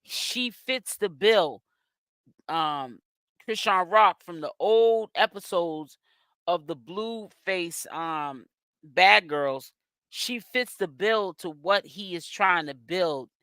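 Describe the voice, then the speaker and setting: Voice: mid-range voice, animated, bright, forceful tone, no echo, clean studio sound. Sassy host with a Boston accent. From Boston, Massachusetts. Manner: sassy and chatty, with drawn-out exclamations. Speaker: host of a celebrity gossip channel. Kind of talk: live-stream commentary reading chat.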